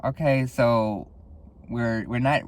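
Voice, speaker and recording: Young man, solo podcast host, casual chat, swears freely, sighs, dramatic pitch jumps, mid-range voice. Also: steady tone, takes it slowly. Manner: candid and profane, with frequent sighs.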